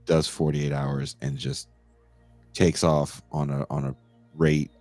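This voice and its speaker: A man's voice: very deep voice, no echo, soft background music. A man hosting a podcast, chatting casually and animatedly about old movies. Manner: animated, laughing, quick asides. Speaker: podcast host.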